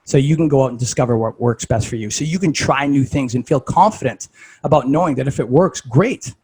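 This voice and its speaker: A man's voice: medium pitch, brisk, darkish tone, breathy edge, poor audio. A man talking casually as a fitness coach, conversational and full of "like" and "right?".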